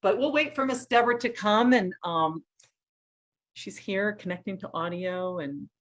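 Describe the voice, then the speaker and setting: Speaking at a moderate pace in a fairly bright, mid-range voice, a podcast host keeps her remote interview loose and chatty. She laughs often and pokes fun at herself along the way.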